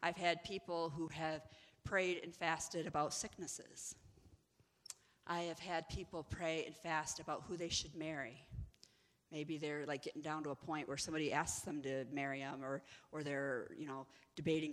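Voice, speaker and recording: A woman giving an inspirational teaching talk, animated and acting out the people in her stories. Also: sits low, normal speed, big-room sound. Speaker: ministry executive director.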